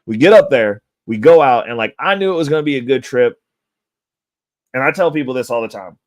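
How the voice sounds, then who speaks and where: A man's voice: mid-range voice, brisk, dry recording, studio quality. A man telling crude, rambling stories on a livestream, laughing often. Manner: profane, laughing, animated storyteller. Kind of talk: casual storytelling chat.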